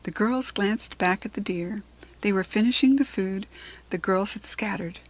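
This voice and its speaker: An American woman reads a children's storybook aloud, clear and expressive. Her voice is a little husky and breathy, at an ordinary pitch. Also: moderate pace. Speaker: children's book reader.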